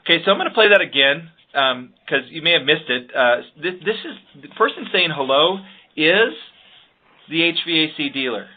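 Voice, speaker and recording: A man's voice: a little high, expressive, normal speed. Earnest man coaching phone skills, tinny audio. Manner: earnest, emphatic, repeats words when starting a point. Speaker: sales trainer. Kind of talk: podcast instruction on phone skills.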